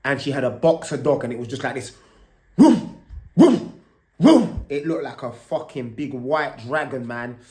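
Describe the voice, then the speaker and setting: A man's voice: mid-range voice, fairly even intonation, brisk, few pauses, echoey room. A man, telling a story to his vlog camera in a loose, casual way. He swears freely and keeps tagging lines with "right?". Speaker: vlogger.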